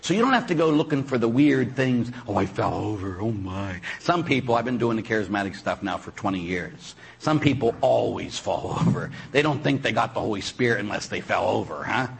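A Catholic priest speaks fairly quickly and barely pauses, his mid-range voice lively in intonation with vocal fry. He preaches through chatty stories, often adding "huh?" and voicing the people in them, over a little hiss or hum.

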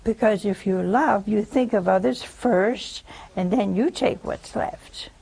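Woman giving a sermon, slow and gravelly, kinda husky, folksy and teasing. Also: mid-range voice, warm tone, rough recording. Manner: folksy, teasing, asks the audience questions. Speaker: preacher.

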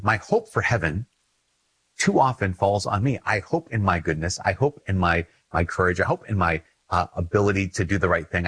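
A man's voice: sits low, a bit bright, husky, no echo, rough recording. A man with a Minnesota accent, a Catholic priest giving an earnest, conversational talk on faith, repeating phrases for emphasis. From Minnesota, USA. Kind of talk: casual spoken teaching on faith.

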